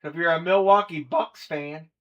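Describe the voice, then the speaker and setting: A man's voice: a little high, normal speed, highs cut off. Casual man hosting a live stream. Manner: casual, rambling, reads off players and teams. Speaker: stream host. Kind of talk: live breaking stream chat.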